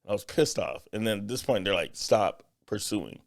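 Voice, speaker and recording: A man co-hosting a podcast, telling an animated story with acted-out quotes in a casual voice. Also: lowish voice, fast talker. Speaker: podcast co-host. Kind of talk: casual chat.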